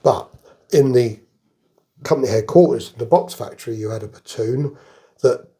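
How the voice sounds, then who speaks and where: A man's voice: mid-range voice, normal speed, dark tone. An older man from England, a retired army veteran, telling rambling anecdotes in a casual interview. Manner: rambling anecdotal storyteller, chuckles through jokes.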